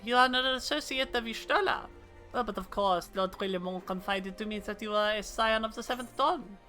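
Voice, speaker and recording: A pompous noble lord holds court in a stiff, formal manner, as a woman streamer puts him on while reading game text. The tone is bright and clipped. It sounds like someone doing a voice for fun. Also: high voice, fairly even intonation, normal speed, soft background music. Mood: courtly.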